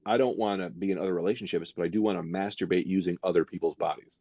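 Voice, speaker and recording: A man's voice: low voice, racing, warm tone, dry recording, muffled recording. A man co-hosting a podcast, joking bluntly in casual chat. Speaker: podcast co-host.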